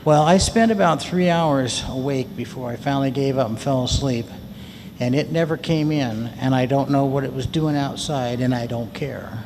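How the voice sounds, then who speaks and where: A man's voice: mid-range voice, normal speed. A man speaking at a conference, telling a personal story in a folksy, chatty way into a handheld mic. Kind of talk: storytelling talk. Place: large conference hall. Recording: reverberant hall, faint noise.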